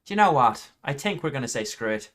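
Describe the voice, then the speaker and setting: Bright-voiced man muttering over his card game. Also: mid-range voice, very animated, fast. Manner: thinks aloud, counting points under his breath. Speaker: gaming YouTuber.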